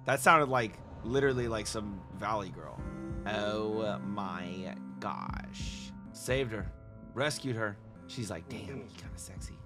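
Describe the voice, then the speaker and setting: A man hosting a reaction video, talking in an animated, slangy way and often laughing and exclaiming. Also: fairly low pitch, slow pace, music in the background. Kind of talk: casual reaction commentary.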